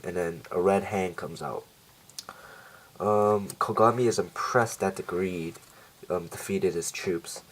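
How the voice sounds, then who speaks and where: A man's voice: sits low, darkish tone, poor audio. A man casually recapping a TV episode, rambling with lots of fillers and self-corrections. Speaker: show reviewer.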